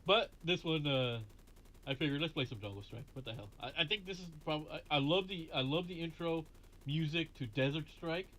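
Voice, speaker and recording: A man's voice: fairly high pitch, fairly quick, fairly bright tone. Joking man hosting a game stream. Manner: joking, rambling, laughs at his own lines. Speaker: stream host. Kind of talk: casual gaming stream chat.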